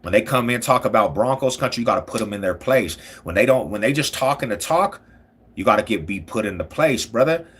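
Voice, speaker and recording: A man hosting a live stream, talking loud, boastful trash about sports rivals in slangy banter. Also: medium pitch, lively intonation, brisk, breathy edge.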